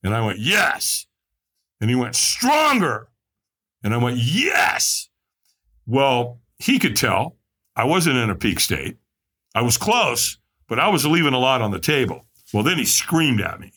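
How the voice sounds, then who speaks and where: A male guest tells a personal story in a vivid, animated way, acting out the other people in it. His voice has a husky edge. His pitch rises and falls widely as he builds the tension. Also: normal speed. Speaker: podcast guest.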